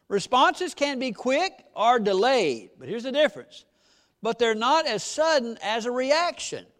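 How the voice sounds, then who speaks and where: Male pastor, sermon, folksy rhetorical questions, high voice, swinging pitch. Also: a bit bright.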